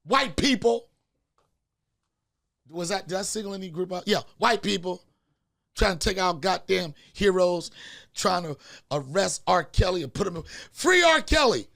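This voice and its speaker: Man, podcast host, loud and joking, high gravelly voice. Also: moderate pace, pauses often, no echo, studio quality. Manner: loud, joking, repeats lines for laughs. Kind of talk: casual comedic chat.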